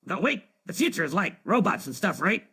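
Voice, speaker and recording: Beavis: un chico de dibujos, chillón y ronco. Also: male voice, very animated, a little fast, sharp tone, heavily acted. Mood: hyper. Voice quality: very raspy, shrill. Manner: giggly, blurting, lots of "like". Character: hyper, dim-witted cartoon teenage boy, giggly. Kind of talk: AI-generated cartoon chat stream.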